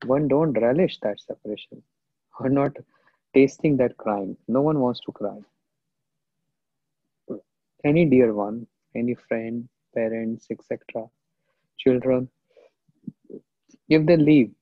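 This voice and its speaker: Speaking slowly and reflectively, a man gives a devotional lecture as a spiritual teacher, often pausing and quoting verses in an Indian language. His husky voice sits at a middle pitch, and the dry, close, phone-like recording sounds tinny and has no echo.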